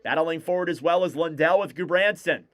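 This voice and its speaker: A man calling live hockey play-by-play on a fan stream, in rapid clipped play calls that rise on shots. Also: a little high. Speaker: play-by-play commentator.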